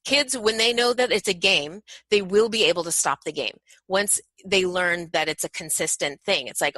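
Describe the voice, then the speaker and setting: A woman's voice: fairly low pitch, moderate pace, hardly any pauses, bright, forceful tone, no room sound, low-quality recording. A woman parent coach as a guest on a podcast interview, telling stories and acting out playful parent voices.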